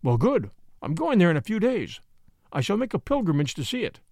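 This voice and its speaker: A man voicing a grave, kindly older art professor who speaks with measured fervor. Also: high-pitched, big pitch swings, a little mellow, no room sound, clean studio sound. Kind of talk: audiobook character voice.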